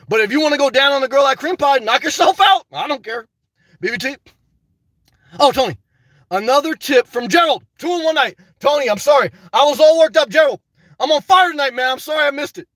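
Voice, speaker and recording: An older man with a very high, bright voice chats on a live stream, answering viewers one by one. He talks bluntly and unfiltered, with plenty of swearing, and the sound is close and dry with no room echo. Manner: keeps answering viewers by name. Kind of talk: casual live-stream chat, reading viewer comments.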